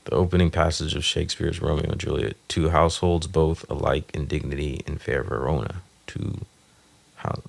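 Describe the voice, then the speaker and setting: Here the producer's voice is extremely low and fairly even, with vocal fry and a moderate pace. He muses casually to himself while writing a song, testing lines and occasionally singing them over a beat.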